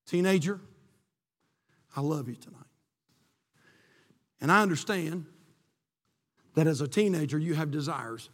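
Male pastor, high voice, impassioned pulpit sermon, long church echo. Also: unhurried, pauses often. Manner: impassioned preaching, reading scripture aloud. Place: church sanctuary.

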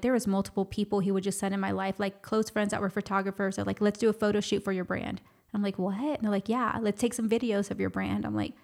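Young woman, gravelly voice, flat pitch, chatty storytelling in an interview. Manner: chatty, animated, frequent "like" and quoted dialogue. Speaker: guest, clothing brand owner.

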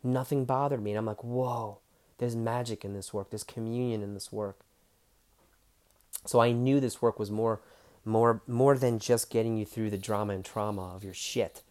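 A man's voice: fairly low pitch, fairly even intonation, normal speed, darkish tone. A man telling his personal story candidly, swearing freely and acting out the dialogue. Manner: emotional, close to tears.

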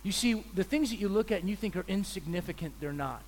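Animated preacher guy, high voice, cracks jokes mid-sermon. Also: fast, slight background noise. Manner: animated, joking, acts out voices. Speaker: visiting preacher.

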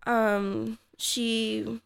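A woman's voice: a little high, flat delivery, drawn-out words, gravelly, clear, resonant tone, no echo. A woman, a fighter guest, chatting casually and hesitantly, with many fillers and restarts. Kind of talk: casual podcast chat.

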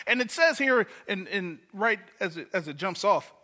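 Guest pastor from Detroit, man, bright and slightly high, chatty sermon delivery. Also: expressive, normal speed, hardly any pauses. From Detroit, USA. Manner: conversational, repeats words when starting a thought.

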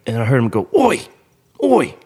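A man's voice: mid-range voice, animated, normal speed. A young man hosting a podcast, telling stories in casual chat, swearing often and laughing as he talks. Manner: swears a lot, laughs through his stories. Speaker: podcast host.

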